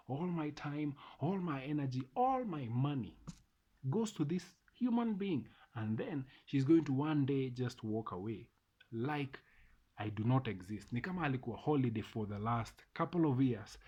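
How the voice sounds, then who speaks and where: A man's voice: mid-range voice, expressive, moderate pace, a little mellow, slightly rough, muffled recording. A middle-aged man with a Kenyan accent, delivering an emphatic, repetitive opinion monologue to camera as a vlogger. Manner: ranting, emphatic, repeats phrases.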